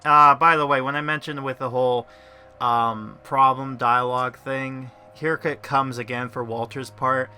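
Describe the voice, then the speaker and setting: A man casually commenting over his gameplay in a chatty, rambling, excitable way. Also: mid-range voice, unhurried, smooth. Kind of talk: casual let's-play commentary.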